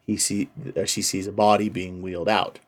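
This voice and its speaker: Animated man retelling a film. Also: low voice, moderate pace. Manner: animated storyteller acting out characters' lines. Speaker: podcast co-host. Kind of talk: casual chat retelling a film.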